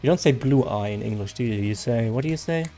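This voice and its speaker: Talking fast in a mellow, mid-range voice, this man casually chats with viewers during his game stream over soft background music. He's a native German speaker with a German accent who answers them aloud, frequently restarting his sentences.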